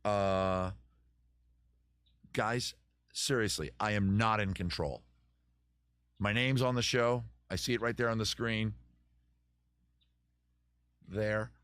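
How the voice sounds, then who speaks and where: A man's voice: fairly low pitch, fairly even intonation, takes it slowly, pauses often, a bit bright, clear, resonant tone, dry recording. A man hosting his live-stream chat show close to the microphone, rambling, joking and poking fun at himself. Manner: rambling, joking and self-mocking.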